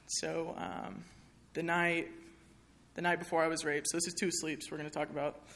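Young woman telling her story in a chapel, gravelly voice, chatty, lots of ums. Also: low voice, little pitch movement, normal speed, fairly bright tone. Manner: candid, conversational, many fillers and direct questions to the audience. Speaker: speaker giving a personal testimony. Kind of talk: personal testimony to a live audience.

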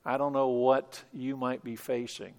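A man's voice: medium pitch, little pitch movement, a little slow, gravelly. A middle-aged man telling a personal story in a chapel devotional talk, earnest, with small restarts. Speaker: preacher.

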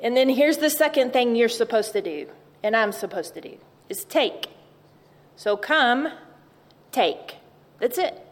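Slow, gentle woman in an echoey hall. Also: on the high side, animated. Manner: gentle, reflective, repeats key words. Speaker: chapel speaker. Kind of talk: devotional chapel talk.

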